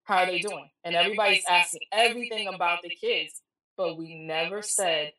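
Woman, 40s, interview guest: low, forceful, candid storyteller recorded in a roomy space. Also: brisk. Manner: candid, animated, quotes people mid-story. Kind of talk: emotional personal storytelling. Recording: echoey room, distant mic.

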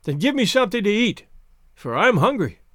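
A man voicing a weary, plaintive old island woman in a storybook reading, speaking slowly. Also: sits high, very animated, a bit bright, no room sound, studio quality, pitched above the performer's own voice, heavily acted. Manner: plaintive, slow.

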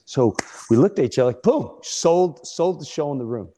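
A middle-aged man hosting a comedy podcast, telling an animated story and acting out the people in it. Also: on the high side, normal speed. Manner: animated, acts out other people's voices. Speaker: host.

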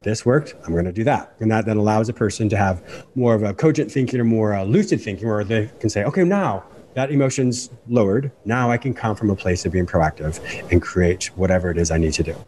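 A man speaking as an interview guest in a fast, animated way, acting out the questions he asks himself. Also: fairly low pitch, a little hiss or hum. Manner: fast-talking, animated, acts out inner questions. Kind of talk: conversational interview.

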